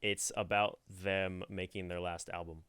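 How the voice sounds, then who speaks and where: A man's voice: deep voice, flat delivery, measured pace, fairly bright tone, clear, resonant tone, no echo. A man co-hosting a podcast, chatting in a laid-back, playful way and trailing off his sentences. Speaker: podcast co-host. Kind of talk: casual podcast chat.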